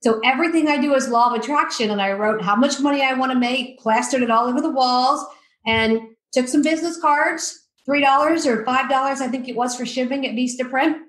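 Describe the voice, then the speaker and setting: A woman guest telling lively stories in a podcast interview, acting out the quotes. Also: sits high, a little fast, roomy sound, rough recording. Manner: lively storyteller, acts out quotes. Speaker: guest, addiction coach.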